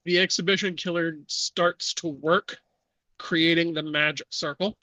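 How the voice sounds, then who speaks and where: Male game master, unhurried and bright, dry recording. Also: fairly high pitch, fairly even intonation, no room sound. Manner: measured, with many fillers. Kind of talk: narrating a tabletop horror game.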